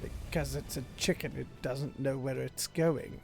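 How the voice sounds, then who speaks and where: A man on a game stream putting on the voice of an evil emperor, speaking slowly and quietly. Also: fairly even intonation, creaky, soft background music. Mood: hushed menace. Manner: slow, low, hushed delivery. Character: evil male galactic emperor, slow and hushed. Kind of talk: live game stream role-play.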